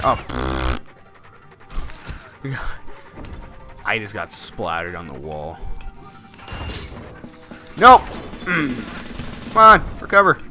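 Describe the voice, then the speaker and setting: A young man giving casual let's play commentary, excitable, swearing and talking to the game as he plays, with game music behind him. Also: on the low side. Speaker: gameplay commentator.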